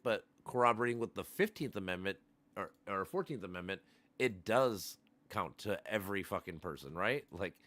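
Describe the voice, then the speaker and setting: Heated, swearing man, low voice. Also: a bit bright, dry recording. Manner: heated, profane ranting. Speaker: livestream host. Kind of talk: casual chat.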